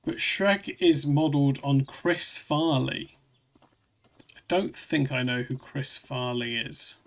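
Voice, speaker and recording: A man with a gravelly voice, casually chatting while streaming a game and answering chat, rambling with frequent restarts. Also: medium pitch, takes it slowly, fairly bright tone. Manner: rambling, restarts often, reads chat aloud.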